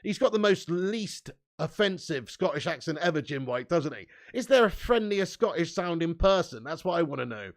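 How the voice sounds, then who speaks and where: This is a young man hosting a live stream. He is reading viewer comments aloud. His voice is gravelly and sits a little high. His delivery is loose and laddish, with laughs and the odd swear word. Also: very animated, normal speed, few pauses. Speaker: fan channel host reading live chat. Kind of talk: casual live-stream chat.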